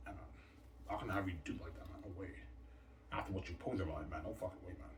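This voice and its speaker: A man's voice: deep voice, fast. A man ranting in a rambling, agitated monologue, swearing a lot and repeating himself. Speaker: self-published author. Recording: echoey room, mic at a distance, faint ambient noise.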